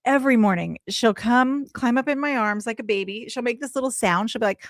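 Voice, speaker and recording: A woman in her forties, a podcast guest, telling a heartfelt personal story in an animated way, acting out the voices she quotes. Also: on the high side, fairly quick, dry recording, studio quality. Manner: animated, acts out quoted voices, laughs often.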